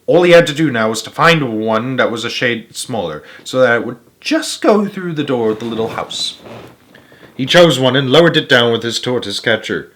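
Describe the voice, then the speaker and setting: A man reading a children's book aloud as a storyteller, lively and expressive. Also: mid-range voice, normal speed.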